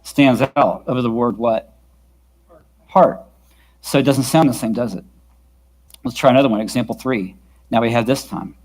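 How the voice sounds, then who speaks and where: Backed by his own guitar, this male instructor coaches a church worship team through a vocal workshop, staying patient and often making sure the group follows. He speaks at a moderate pace with medium pitch and a darkish tone, pausing often.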